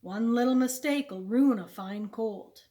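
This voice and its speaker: A woman voicing a calm, firm farmer father who speaks in a steady, matter-of-fact way. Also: fairly high pitch, measured pace, natural voice.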